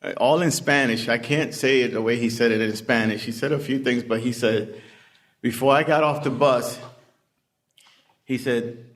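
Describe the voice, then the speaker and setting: A middle-aged man gives personal testimony at a recovery meeting. He speaks in a plain, unhurried way, pausing often. His pitch sits in a flat, narrow band. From Puerto Rican family background. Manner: unhurried, plain-spoken storytelling with many pauses.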